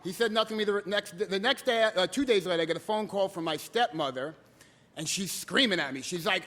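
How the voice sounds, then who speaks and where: A man telling a comic personal story live on stage, animated. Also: high voice, brisk.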